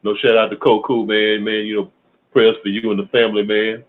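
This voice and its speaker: A man's voice: on the low side, level tone, fairly quick. A man calling in to a casual chat who talks in a laid-back way and often ends his phrases with "man". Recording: tinny phone line.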